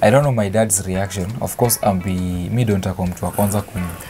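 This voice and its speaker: A young Kenyan man, an expectant father, chatting excitedly and affectionately in a casual family vlog. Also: low-pitched, a little fast, music in the background. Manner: excited, affectionate, mixing English and Swahili. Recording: noisy home video.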